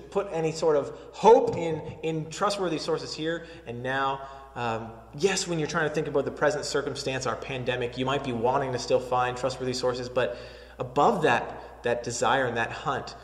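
A man preaching a sermon as pastor, earnest and emphatic, often repeating words as he builds his point. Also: a little high. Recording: echoey hall reverb.

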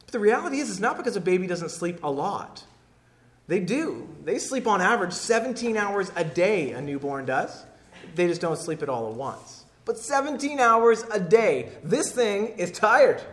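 Guy preaching a sermon, kinda high voice, says stuff over and over for emphasis. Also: big pitch swings, moderate pace, fairly bright tone. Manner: emphatic, repeats key phrases. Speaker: pastor.

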